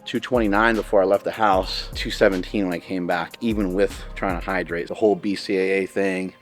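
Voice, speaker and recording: A man's voice: low-pitched, fairly even intonation, fairly quick, soft background music. Candid, rambling middle-aged man. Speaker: vlogger training for a marathon. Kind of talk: casual gym vlog talk.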